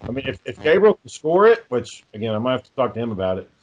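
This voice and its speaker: A man's voice: mid-range voice, very animated, fast talker, a little mellow, lo-fi sound. Laid-back, foul-mouthed indie filmmaker man. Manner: laid-back, swears constantly. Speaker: podcast host and indie filmmaker. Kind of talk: casual chat.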